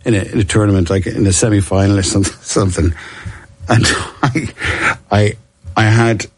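Brief: a middle-aged man, husky and fairly low-pitched, loose and self-mocking as he tells his stories. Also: steady tone, moderate pace. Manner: rambling, self-mocking, laughs often. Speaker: guest. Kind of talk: casual anecdotal interview.

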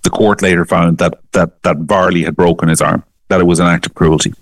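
Guy, low voice, stumbles over repeats when he gets going, dry mic. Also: steady tone, a little fast, no echo. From Ireland. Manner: emphatic, repeats words when starting sentences. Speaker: guest commentator. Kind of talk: opinionated political talk.

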